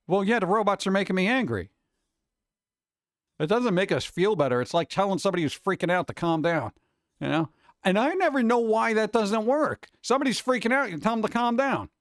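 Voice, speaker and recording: A man's voice: on the high side, no echo, clean studio sound. A man hosting a casual stream chat, rambling and mimicking gadget voices as he talks to his chat. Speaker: streamer host.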